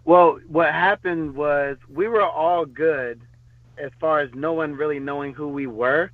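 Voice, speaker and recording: A man's voice: a little high, measured pace, no echo. Man on a tinny phone line. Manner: rambling, loose, many fillers and restarts. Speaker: podcast guest, former bodyguard. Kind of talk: casual storytelling interview.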